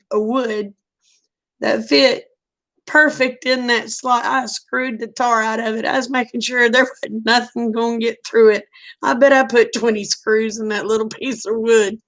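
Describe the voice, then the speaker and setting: A middle-aged woman with a drawl tells a story in a casual, animated way, acting out every quoted line. Her voice sits a little high and has a gravelly fry. She sounds like she is chatting with a friend. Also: measured pace. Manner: folksy, animated storyteller who acts out quoted dialogue. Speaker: vlogger telling stories.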